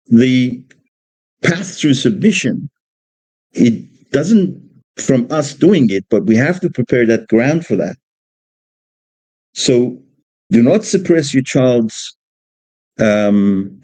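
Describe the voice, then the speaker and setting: An Australian man, an adult father of a two-year-old, gives a religious exposition on parenting in an informal talk, halting and repeating words as he shares personal stories about his young son. His mid-range voice has a dark, slightly rough tone, recorded with no echo but poor audio.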